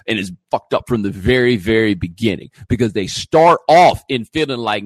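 A middle-aged man hosting a show, delivering an animated opinion monologue full of rhetorical questions. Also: fairly low pitch, normal speed, dry recording. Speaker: host.

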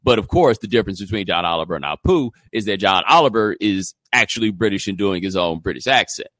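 A middle-aged man hosting a show, delivering an animated opinion monologue full of rhetorical questions. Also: lowish voice, fast, no echo. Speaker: host.

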